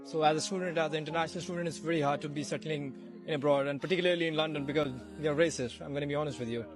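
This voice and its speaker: A man's voice: a little high, steady tone, racing, over music. A man from Pakistan answering a street interview, blunt and earnest.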